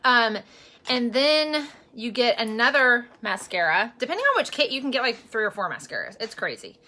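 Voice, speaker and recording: A woman's voice: a little high, sing-song, moderate pace, sharp tone, a little hiss or hum. A woman, likely in her forties, chatting casually through a makeup vlog, rambling with lots of fillers and growing earnest about her faith. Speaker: makeup vlogger and direct seller.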